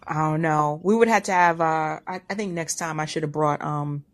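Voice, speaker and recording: A woman hosting a podcast, talking in a loose, rambling way full of restarts and fillers. Her voice sits a little low for a woman. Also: moderate pace. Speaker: podcast co-host. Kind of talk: casual chat.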